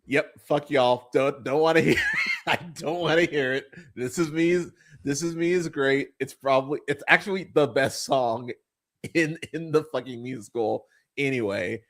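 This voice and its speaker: Man, podcast host, casual chat, middle pitch, rambling, swears a lot, lots of ums. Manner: rambling, profane, halting with many fillers.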